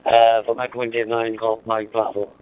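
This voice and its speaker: A man's voice: mid-range voice, monotone, moderate pace, clear, resonant tone. An Irish man chatting over a mobile radio, friendly and repeating his call sign. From Ireland. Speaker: amateur radio operator. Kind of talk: casual radio contact chat. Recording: narrow-band two-way radio audio.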